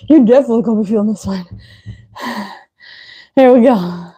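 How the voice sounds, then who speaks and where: A woman's voice: fairly high pitch, unhurried, pauses often, warm tone, slightly rough. A woman fitness instructor coaching a live leg workout, out of breath, counting reps aloud and giving short cues.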